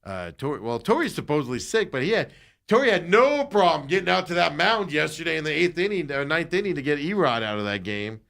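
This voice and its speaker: A man's voice: a little high, sing-song, brisk, vocal fry, a bit bright. A man hosting sports talk radio, ranting heatedly and with exasperation, his voice jumping up when he gets angry.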